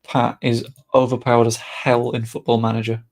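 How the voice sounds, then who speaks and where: Gravelly man narrating gameplay. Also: mid-range voice, completely flat delivery, normal speed. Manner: muttering, chatty, swears offhand. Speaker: gaming streamer. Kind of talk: casual gameplay commentary.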